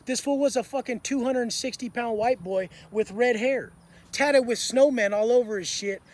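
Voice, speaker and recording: A man's voice: very high-pitched, moderate pace. A man telling a story in an intense, profane way, full of street slang. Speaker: motivational speaker. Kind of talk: storytelling monologue.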